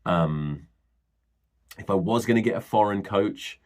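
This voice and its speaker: A man's voice: on the low side, a little slow, a little mellow. A man hosting a solo podcast, rambling and swearing bluntly as he rants. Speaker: podcast host.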